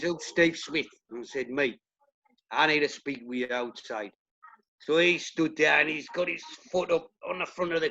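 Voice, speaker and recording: In a casual interview, a British punk singer swears his way through blunt stories, performing the quoted lines as he goes. He sounds somewhat high and a bit bright, and the recording is lo-fi.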